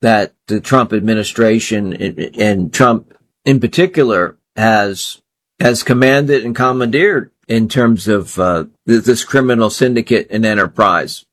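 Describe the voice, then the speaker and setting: A man's voice: on the low side, a little slow. A man hosting a solo political commentary show, talking in an indignant, scornful way and piling up phrase after phrase.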